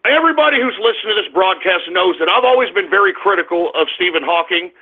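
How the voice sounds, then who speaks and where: A man's voice: high voice, lively intonation, fast. A male radio talk show host delivering a combative, crude, ranting monologue. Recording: tinny phone-like radio sound.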